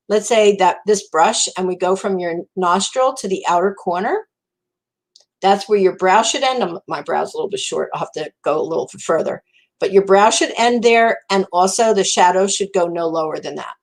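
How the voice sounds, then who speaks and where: A woman's voice: medium pitch, normal speed, rough recording. A woman with a New Jersey accent giving a live makeup tutorial in a chatty, encouraging way, repeating words for emphasis. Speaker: makeup demonstrator.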